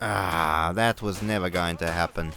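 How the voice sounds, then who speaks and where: A man's voice: low voice, fairly even intonation, a little slow, background noise. A young New Zealand man with a New Zealand accent, rambling and swearing through gameplay commentary, with angry outbursts. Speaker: gaming video creator.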